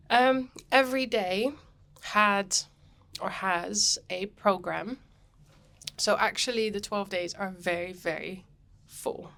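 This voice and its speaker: Woman with a cold doing a chatty rambly podcast, lots of ums, recording on a cruise ship, normal mid pitch. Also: vocal fry, fairly bright tone. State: has a cold. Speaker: podcast host. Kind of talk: casual podcast monologue.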